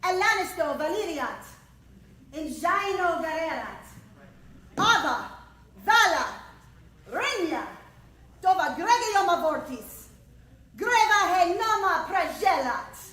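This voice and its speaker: A woman reciting a rallying speech to troops in a constructed language, slow and declamatory. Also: extremely high pitch, animated, pushed and bright, echoey room, heavily acted. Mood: commanding.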